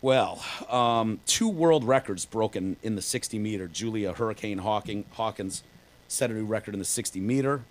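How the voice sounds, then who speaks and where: A man's voice: lowish voice, normal speed, low-quality recording. A man co-hosting a podcast in casual chat, telling stories loosely with lots of fillers and swearing. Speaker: podcast co-host.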